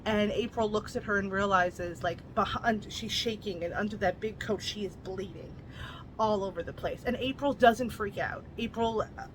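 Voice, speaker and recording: A woman's voice: medium pitch, normal speed, background noise. A woman casually recapping and reviewing a novel, chatty, with lots of "like" and blunt asides. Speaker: book reviewer.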